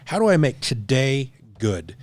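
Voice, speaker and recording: A man's voice: medium pitch, sing-song, measured pace, no echo. A middle-aged man, a podcast guest, talking in a blunt, profane, emphatic way in casual conversation.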